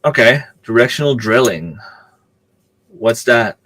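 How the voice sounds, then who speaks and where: A man's voice: medium pitch, animated, takes it slowly, fairly bright tone, dry recording. A man hosting a casual live stream, rambling in a chatty way and answering viewer comments as he goes.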